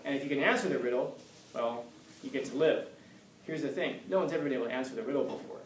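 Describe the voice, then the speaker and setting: A man's voice: mid-range voice, fast, a little hiss or hum. A man teaching a class in a casual lecture, telling a story and acting out its characters, joking with his students. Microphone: distant room mic. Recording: echoey classroom recorded from far off.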